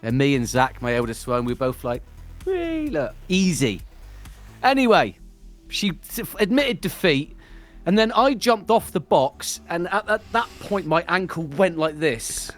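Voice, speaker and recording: A man's voice: fairly high pitch, big pitch swings, normal speed, a bit bright, faint music behind. A man chatting casually on a live stream, telling a story with frequent laughs. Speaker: streamer co-host. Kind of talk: casual chat.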